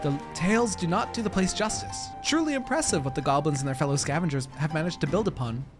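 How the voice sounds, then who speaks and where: A man reading aloud the lines of a formal, earnest young man from a fantasy game, measured and proper. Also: a little high, lively intonation, over music, close to an everyday voice.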